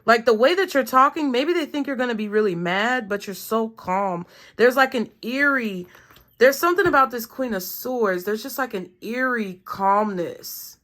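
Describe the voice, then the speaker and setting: A woman with a fairly high voice reads tarot cards for her audience. She talks in a loose, chatty way, thinking aloud and leaning on fillers as she works through each card. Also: animated, normal speed, fairly bright tone. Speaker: tarot reader. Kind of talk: casual collective tarot reading.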